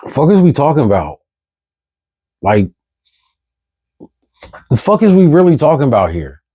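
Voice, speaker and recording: A man's voice: a little high, sing-song, unhurried, dark tone, breathy edge, dry recording. Exasperated, cursing man ranting to camera. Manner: exasperated, profane, rhetorical questions. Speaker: vlogger. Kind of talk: candid ranting monologue.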